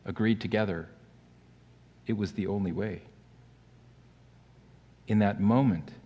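A man preaching a sermon earnestly, swinging between loud emphatic peaks and quiet, hushed lows. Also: slightly rough. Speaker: pastor. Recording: long hall reverb.

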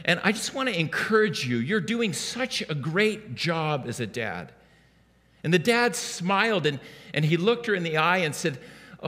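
A man's voice: a little high, bright, forceful tone. A man preaching a sermon in a church, telling stories in a conversational way and often restarting his words. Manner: conversational storytelling with many restarts. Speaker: pastor. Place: church sanctuary. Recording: long hall reverb.

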